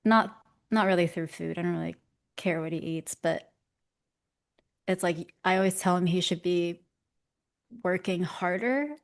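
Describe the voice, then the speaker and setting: Young woman rambling casually in an interview, lots of laughing, bit of vocal fry. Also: on the low side, measured pace, long pauses. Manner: chatty and self-deprecating, laughing often. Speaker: interview guest, visual development artist. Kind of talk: casual conversation.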